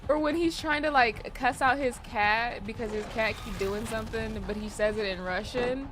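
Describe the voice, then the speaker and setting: A young adult woman streaming a game, chatting casually with her viewers in animated, profane, slangy banter. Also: fairly high pitch, normal speed, background noise. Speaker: gaming streamer. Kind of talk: casual livestream chat while gaming.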